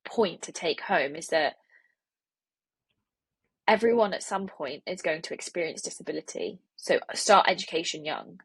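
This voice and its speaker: Husky-voiced woman podcast host. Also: lowish voice, moderate pace, no echo. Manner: emphatic, earnest and chatty. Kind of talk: casual interview conversation.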